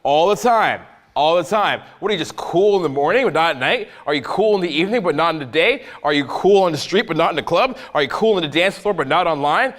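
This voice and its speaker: A male dating coach addresses a seminar room with animated, expletive-laced storytelling. His voice sits slightly high for a man. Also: fast. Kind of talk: live seminar talk.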